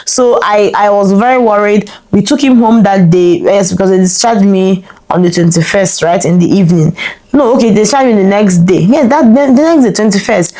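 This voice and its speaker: A woman telling a personal story to camera in an animated, exclamatory way, full of rhetorical questions. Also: mid-range voice, normal speed, poor audio. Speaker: vlogger.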